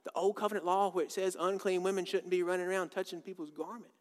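A man's voice: high voice, fairly even intonation, fast talker, few pauses. A man preaching a sermon as a pastor, casual and conversational, often repeating his words. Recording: long reverb of a church hall.

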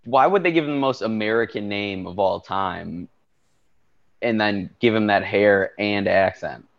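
Gravelly man on a dull, lo-fi mic. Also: lowish voice, a little slow, no echo. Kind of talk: casual crude banter.

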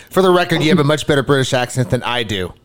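Teasing man with a lively voice. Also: medium pitch, fast, crowd noise. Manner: teasing, laughs along. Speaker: podcast host. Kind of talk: casual sports podcast chat.

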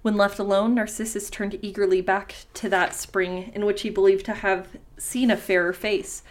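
A woman's voice: medium pitch, little pitch movement, normal speed. A woman hosting a podcast, reading old-fashioned folktale prose aloud and breaking off now and then for casual, swearing asides.

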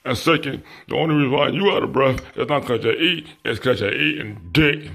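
A man's voice: mid-range voice, brisk, vocal fry, fairly bright tone. A man throwing rambling, boastful crude insults, a bit out of breath. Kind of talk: crude trash talk.

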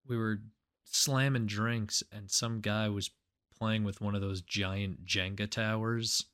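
A man's voice: lowish voice, fairly bright tone. A young man co-hosting a podcast, telling crude, profane drinking stories in casual chat. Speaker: podcast co-host.

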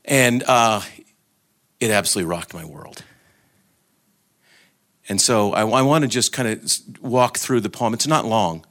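A middle-aged man with a fairly low voice gives an informal sermon talk at a gathering. He speaks conversationally and reflectively, with casual fillers and restarts. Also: a little slow, pauses often, fairly bright tone.

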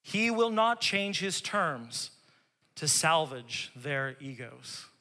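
Emphatic bright-voiced male pastor preaching. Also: on the high side, very animated, takes it slowly, in a large hall. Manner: emphatic, repeats key phrases, drops to a hush for tender moments. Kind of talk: sermon.

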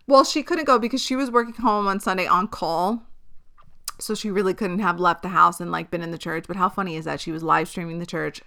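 A woman in her thirties hosting a solo podcast, telling a personal story in a candid, animated way. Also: mid-range voice, normal speed, clean tone. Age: 30s. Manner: candid, animated storytelling with frequent swearing and laughter. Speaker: podcast host. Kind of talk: casual solo podcast chat.

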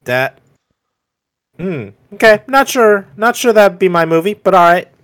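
A man's voice: sits high, big pitch swings, unhurried, fairly bright tone. A man co-hosting a podcast, reacting in a hesitant, skeptical way with short replies and fillers. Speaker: podcast co-host. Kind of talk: casual chat.

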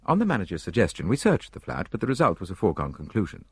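A man reads an audiobook in a measured, expressive manner. His low voice moves lively up and down, with a husky edge, in a dry, close recording. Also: dry recording. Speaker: narrator. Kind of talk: audiobook narration.

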